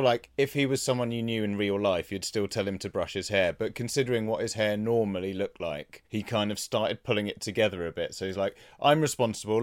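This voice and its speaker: A man's voice: on the low side, no echo, studio quality. A man hosting a casual chat in a laid-back way, swearing casually. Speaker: podcast host.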